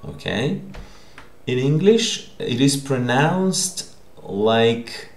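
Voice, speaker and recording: In an echoey room, a man with a medium-pitched, sing-song voice speaks extremely slowly. He's recording an online language lesson, patiently explaining each point and often checking in with "okay?"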